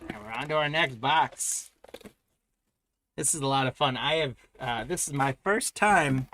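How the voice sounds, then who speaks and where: A man's voice: mid-range voice, measured pace, sharp tone, slight background noise. A man hosting a live trading card break, announcing pulls and congratulating buyers in an upbeat, chatty way.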